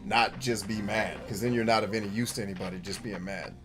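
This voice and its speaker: A man's voice: fairly low pitch, steady tone, quick pace, music in the background. Blunt, profane man riffing over gameplay. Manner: laughs easily, jokey asides. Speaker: gaming show host. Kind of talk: casual gameplay commentary.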